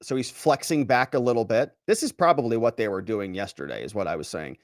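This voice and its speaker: A man hosting a solo legal commentary show, animated and sarcastic as he reads and picks apart a letter. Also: on the low side, brisk, no echo, clean studio sound. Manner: animated and sarcastic, mocks quoted officials in pompous voices. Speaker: lawyer commentator, show host.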